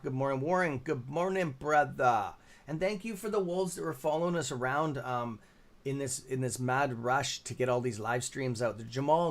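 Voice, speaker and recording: Canadian male stream host, tired, rambling with ums and restarts, middle pitch. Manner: rambling, many fillers and restarts, reading chat names aloud. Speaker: livestream stock trading host. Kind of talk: casual live-stream commentary.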